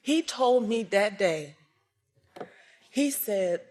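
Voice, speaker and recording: A woman giving a personal testimony at a religious service, telling the story with emotion and rising to loud outbursts. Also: fairly low pitch, lively intonation, measured pace, long pauses.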